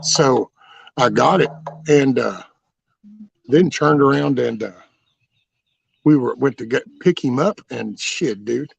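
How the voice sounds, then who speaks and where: A middle-aged channel host tells stories from his own life in a gravelly, raspy medium-pitched voice, going slowly with long pauses. His casual storytelling is blunt, rambling, profane and full of restarts, recorded with dull audio and no room sound.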